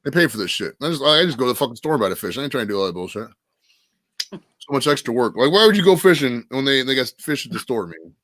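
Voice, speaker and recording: A man's voice: medium pitch, expressive, fast talker, fairly bright tone, dry recording. A man in his forties with a Boston accent, rambling crudely and swearing through a casual livestream chat. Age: 40s. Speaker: stream host.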